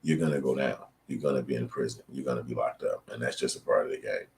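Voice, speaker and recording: Man, very deep voice, blunt profane monologue, faint background hum. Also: quick pace, vocal fry, darkish tone. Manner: blunt, profane, preachy ranting with acted-out quotes. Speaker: show host. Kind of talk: casual opinion monologue to viewers.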